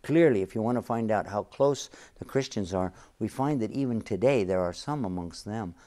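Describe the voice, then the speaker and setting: A man's voice: fairly low pitch, normal speed, mellow. A man, a sheikh who is a guest on the show, explaining his faith in an earnest, emphatic way and repeating key phrases. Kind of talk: religious teaching in an interview.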